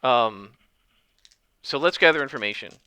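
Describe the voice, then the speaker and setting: A man's voice: medium pitch, lively intonation, moderate pace, sharp tone, clean tone, dry recording. A man narrating a solo tabletop game and thinking aloud as he goes, with many fillers.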